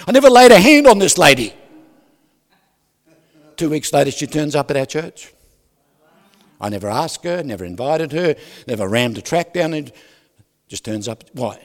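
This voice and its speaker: A male pastor preaching a lively sermon, asking the congregation questions and swinging from loud to soft. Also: a little high. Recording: reverberant hall.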